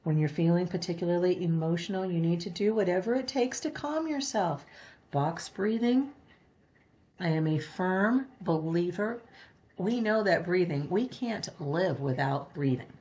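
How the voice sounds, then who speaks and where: A woman giving a spiritual reading, talking in an earnest, gentle way that rambles and restarts as she explains. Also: lowish voice, expressive, unhurried. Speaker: spiritual reader. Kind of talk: spiritual guidance talk.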